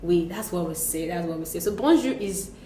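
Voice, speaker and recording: A woman's voice: on the low side, lively intonation, fairly quick, warm tone, roomy sound, slight background noise. A woman co-hosting a casual bilingual lesson, patiently explaining French to learners and switching between French and English. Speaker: French teacher co-host.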